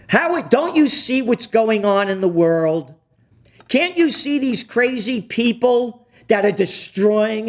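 A man's voice: sits high, lively intonation, slow. A man co-hosting a political talk show, ranting with profanity and biting sarcasm. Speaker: co-host.

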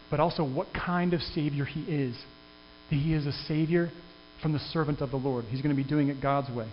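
A male pastor delivers a conversational sermon in a somewhat higher voice, often restarting his sentences as he goes. His voice rings with a long reverb in a church, and the recording is a little dull with a faint mains hum behind it. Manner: conversational, earnest, with frequent restarts.

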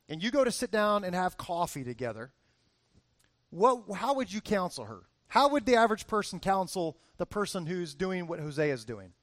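Fortyish guy pastor, kinda high voice, dry close sound, chatty sermon that gets punchy. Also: no echo. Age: 40s. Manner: casual, rising to emphatic bursts. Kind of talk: conversational sermon.

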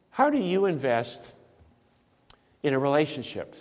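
A pastor preaching a sermon, emphatic and repeating key phrases for stress. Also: male voice, mid-range voice, very animated, unhurried, pauses often, in a large hall. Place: church sanctuary.

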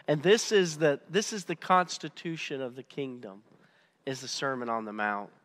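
A man preaches to his congregation in a loose, conversational way, his voice sitting a little high. He stumbles and restarts often, pressing his points with animated energy. The sound rings with the long reverb of a large hall. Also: moderate pace. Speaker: pastor. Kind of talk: sermon.

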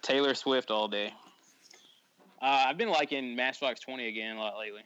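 A man's voice: mid-range voice, fairly quick, dull audio, noisy background. A man co-hosting a podcast in casual chat, teasing the others and laughing often. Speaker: podcast co-host.

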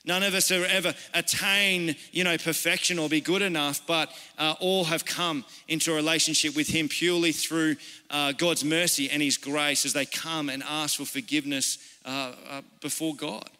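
An Australian man preaching in a church, speaking earnestly and conversationally, as if chatting with the congregation. His voice is bright and a touch higher than most men's, and it rings out with the long echo of a large hall. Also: fairly even intonation, moderate pace. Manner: earnest, conversational, personal storytelling. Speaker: pastor. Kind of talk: informal sermon. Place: church service.

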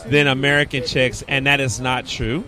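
A man, a comedian guest, talking loudly and animatedly in a casual banter interview, recorded outdoors at a live venue. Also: medium pitch, moderate pace. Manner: loud, animated, keeps talking over others.

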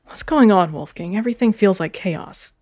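A woman's voice: medium pitch, lively intonation, moderate pace, darkish tone, natural voice. A woman voicing a troubled male animal police officer who speaks in a hesitant, subdued way.

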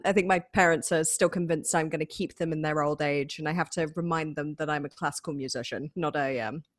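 A woman's voice: low voice, brisk, no room sound, clean studio sound. A woman of about thirty from Manchester with a northern English accent, chatting as a guest in an interview and telling stories with frequent laughs. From Manchester, England. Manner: lively storyteller, laughs often, acts out quotes. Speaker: guest harpist. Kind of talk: casual interview chat.

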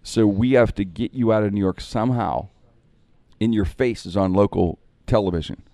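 A man, a radio broadcaster, telling animated stories in casual podcast talk and acting out other people's lines. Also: lowish voice, moderate pace, dry recording. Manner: animated anecdotes with quoted voices.

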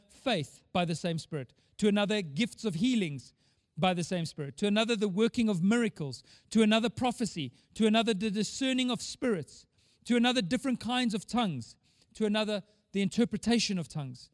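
A man preaches with a high voice, firing off rhetorical questions and repeating words for emphasis. His voice rings with the long reverb of a large hall, though the voice itself stays close and dry. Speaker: pastor. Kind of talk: sermon.

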